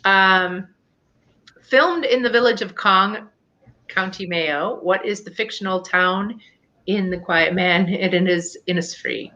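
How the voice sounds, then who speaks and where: Bright-voiced woman podcast host. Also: medium pitch, slow. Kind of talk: casual chat. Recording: dull lo-fi sound.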